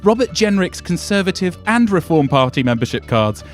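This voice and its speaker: Jokey podcast host guy, kinda high voice, swoops around a lot. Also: moderate pace, soft background music. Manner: jokey, lively interviewer. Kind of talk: casual podcast interview.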